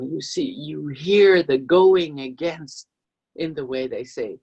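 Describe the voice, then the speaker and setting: A woman coach explains ideas to camera in a husky voice and slips into short acted example voices as she goes. Her delivery is lively and expressive. The sound is muffled and low-fidelity. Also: a little slow. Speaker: business coach and trainer.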